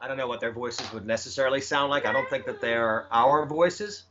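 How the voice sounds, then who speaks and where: A man from the United States with a medium-pitched voice speaks fairly quickly, answering interview questions about his children's book. He's hesitant, with lots of fillers and restarts, and the recording is slightly muffled with faint noise.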